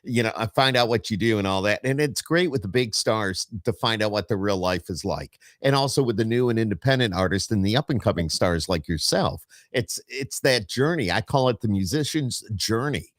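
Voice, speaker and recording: Lively, chatty male podcast host. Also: fairly low pitch, moderate pace, few pauses, no room sound, studio quality. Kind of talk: casual interview chat.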